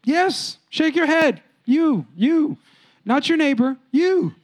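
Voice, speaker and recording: A man's voice: very high voice, takes it slowly. A man preaching a sermon as a pastor, telling stories and speaking directly to his congregation. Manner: animated storytelling preacher, talks to the room directly.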